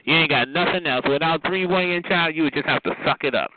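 A man calling into a phone chat line, trading sassy, drawn-out insults in a heated conversation. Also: on the high side. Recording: tinny noisy phone line.

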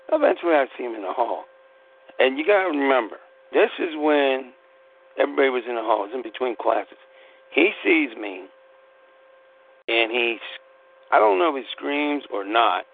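A podcast host from Pittsburgh, United States, with a gravelly, medium-pitched voice rambles through a personal story over a tinny line. His animated retelling is blunt and full of profanity.

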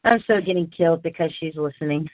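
Low-pitched and brisk, this podcast host runs a casual online talk show full of laughter and self-mockery. Her recording is dry and has a tinny, phone-like quality.

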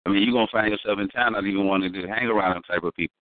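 Man, deep voice, fast slangy storytelling, dry tinny phone-like sound. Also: steady tone, dry recording. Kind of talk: casual conversation.

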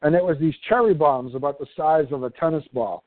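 A man telling a story in casual chat, halting and repeating himself. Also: on the high side, no echo. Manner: halting and repetitive, with laughing asides. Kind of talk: casual storytelling among friends. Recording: tinny, dry phone-like audio.

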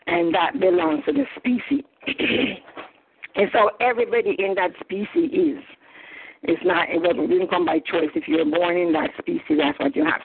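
A woman with a Jamaican accent teaching a Bible study, who often clears her throat and restarts her sentences. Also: on the low side, slight background noise. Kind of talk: teaching sermon, storytelling. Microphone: phone call. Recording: tinny phone line.

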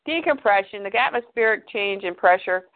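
Woman reading a formal male alien officer, calm and stern. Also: medium pitch, moderate pace, close to an everyday voice. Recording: tinny phone-like line.

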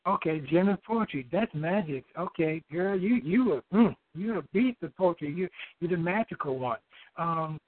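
A man calling in to read his spoken-word poem, halting at times and filling gaps with fillers and restarts. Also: high-pitched, expressive. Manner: halting, with many fillers and restarts between lines. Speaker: caller reading his poem. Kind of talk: spoken-word poetry over the phone. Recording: tinny phone line.

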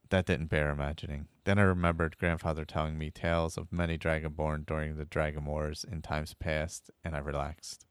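Very deep-voiced man telling a story. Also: flat delivery, moderate pace, clear, resonant tone, dry recording, clean studio sound. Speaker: podcast storyteller. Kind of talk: first-person storytelling narration.

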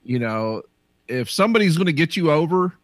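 A man's voice: on the high side, lively intonation, a little fast, no echo, clean studio sound. A man, a guest ring announcer, giving confident opinions in casual chat.

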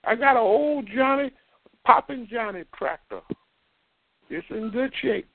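A chat line caller with an East Texas accent and an extremely high voice argues emphatically, lecturing and often repeating himself. He's expressive and a little slow. The heated call comes through a tinny, static-filled telephone line.

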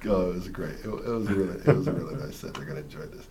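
A man's voice: low-pitched, very fast, creaky, a little mellow. A man hosting a show in a studio, talking casually and rambling before he plays a clip. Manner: rambling, loose, laughs easily. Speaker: show host.

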